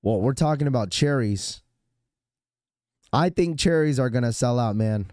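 A hoarse man hosts a sneaker livestream in loose, rambling casual chat, his voice strained by a sore throat. He sits at a middling pitch. The sound is dry and close, with no room around it. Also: lively intonation, normal speed, darkish tone, no room sound. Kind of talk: casual live-stream chat.

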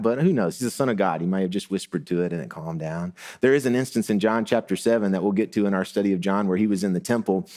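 A middle-aged male pastor giving a sermon, talking in a relaxed, conversational way that builds to emphatic moments. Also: lowish voice. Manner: conversational preaching with rising emphasis and light laughs.

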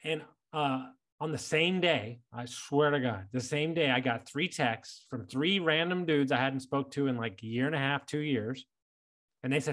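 A man in his thirties hosting a podcast, speaking in a casual, blunt way. He swears without a second thought and doubles up on words when he gets going. His voice sits at an ordinary middle pitch. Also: normal speed, a bit bright. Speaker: podcast host.

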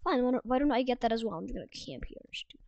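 A woman's voice: on the high side, lively intonation, very fast, creaky, darkish tone, no room sound. Chatty woman commentating a game. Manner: chatty, self-mocking, drops into whispered asides. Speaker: gaming video creator. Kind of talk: casual gameplay commentary. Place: room at home.

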